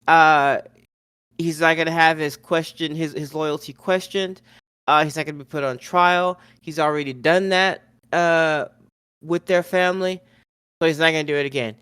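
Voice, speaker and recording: A man's voice: a little high, fairly even intonation, normal speed, pushed and bright, clear, resonant tone, dry recording. A man co-hosting a podcast, recapping a wrestling show loosely, with fillers and self-corrections. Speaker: podcast co-host.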